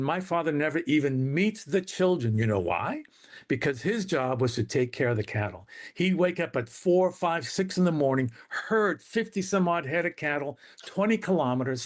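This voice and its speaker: Guy guest on a talk radio show telling his dad's story, acts out the voices, really animated. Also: on the high side.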